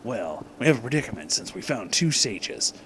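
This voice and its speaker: A man voicing a brooding male hedgehog antihero in a comedic story reading, speaking low and deadpan. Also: normal speed, a little hiss or hum. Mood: gruff.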